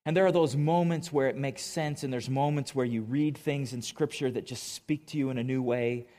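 A man's voice: mid-range voice, fairly even intonation, moderate pace, mellow. A man preaching a conversational sermon as pastor to a church congregation, casual and emphatic, quizzing the audience.

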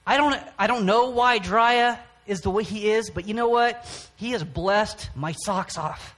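A man giving a personal testimony from the front of a church, speaking in a halting way with frequent pauses and restarts. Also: sits high, a bit bright.

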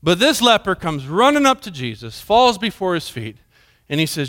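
A man's voice: on the high side, sing-song, brisk, fairly bright tone. A male pastor preaching a sermon in church, earnest and conversational, asking the congregation questions. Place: church sanctuary.

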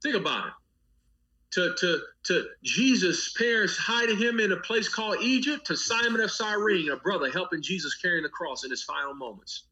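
This pastor, a guest in an interview, speaks with passion at a moderate pace, his high voice expressive, pushed and bright. He falls into a preacher's rhythm, repeating phrases and piling up lists, all on dull audio.

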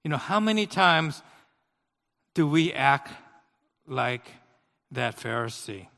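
A man preaching a sermon, telling a personal story with big swings between loud outbursts and quiet asides. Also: on the high side, animated, slow, gravelly, long reverb tail.

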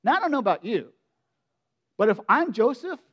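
Guy preaching a sermon, pretty high voice, chatty and expressive, keeps asking the crowd stuff. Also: normal speed, slightly rough, highs cut off. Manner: conversational, expressive preaching with direct questions to listeners. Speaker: pastor.

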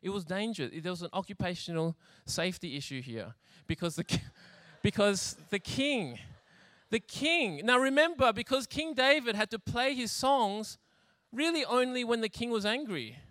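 Bright, chatty man preaching with humor. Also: high voice, lively intonation, normal speed, no echo, studio quality. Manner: chatty, laughs often, acts out scenes. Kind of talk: humorous sermon storytelling.

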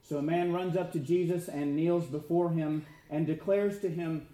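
A man preaching a sermon in an emphatic way, asking rhetorical questions and dropping to quiet lines for effect. His voice sits a bit high and sounds mellow, with a roomy echo around it. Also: steady tone, normal speed, hardly any pauses. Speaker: pastor.

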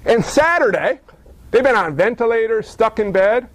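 A man's voice: high voice, lively intonation, brisk, no room sound. A male pastor preaching a sermon, joking and firing off rhetorical questions.

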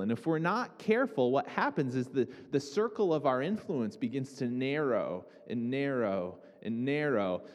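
A man preaches to his congregation in an easygoing, conversational tone, often checking in with the listeners through quick questions. His voice sits at a middle pitch, and it rings with a long reverb that fills the hall around him. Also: a little mellow. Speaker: pastor. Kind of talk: sermon.

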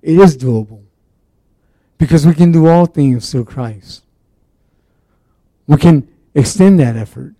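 A man with a fairly high, mellow voice preaches in a loose, folksy way. He leans on fillers and restarts as he talks to his congregation. The sound is dry and close. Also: slow, pauses often, no room sound. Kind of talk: casual conversational sermon.

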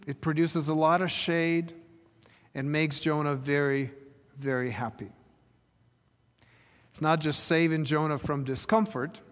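A man preaching a sermon, retelling a story and pressing his listeners with rhetorical questions. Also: on the high side. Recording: reverberant hall.

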